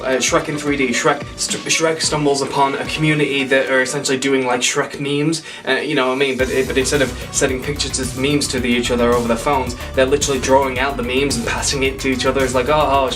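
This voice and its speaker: A man's voice: mid-range voice, distant mic. A man retelling an imagined sequel in a casual, comic way, rambling and correcting himself with playful asides. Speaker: storyteller pitching a sequel.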